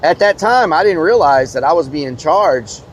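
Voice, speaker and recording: A man's voice: fairly high pitch, expressive, normal speed, a little hiss or hum. A man, a streamer casually telling a rambling story to his live chat, full of fillers and mild swearing.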